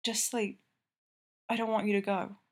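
A woman voicing an eager, submissive young male hockey player who speaks in a soft, hushed, pleading way. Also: mid-range voice, flat delivery, normal speed, lightly acted.

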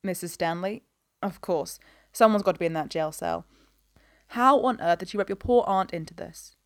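A woman's voice: lowish voice, moderate pace, vocal fry, dry recording, studio quality. A woman voicing a stern male police inspector who speaks in short, clipped lines.

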